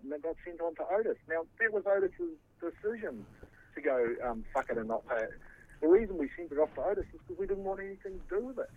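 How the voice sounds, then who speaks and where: A man's voice: on the high side, sing-song, quick pace, no echo. A man, defending himself in a heated interview, swearing and restarting his sentences. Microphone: phone. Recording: tinny phone line.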